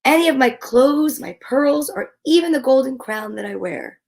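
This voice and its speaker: A woman's voice: high-pitched, lively intonation, normal speed, creaky, darkish tone, heavily acted. A woman playing an eager, spoiled young princess.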